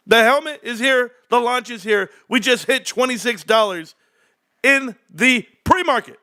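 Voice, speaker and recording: This is a man hosting a livestream, and his voice sits high and bright with an edge to it. He rants to his chat in a loud, hyped way, jumping from one topic to the next. It is a fast, excitable stream-host delivery. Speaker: stock market livestream host.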